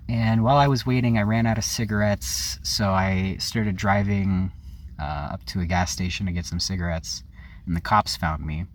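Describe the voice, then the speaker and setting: A man's voice: low-pitched, fairly even intonation, moderate pace, slight background noise. A man vlogging a candid personal story, rambling and confessional, often circling back and correcting himself. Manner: rambling, frank and confessional, with self-corrections and frequent "like".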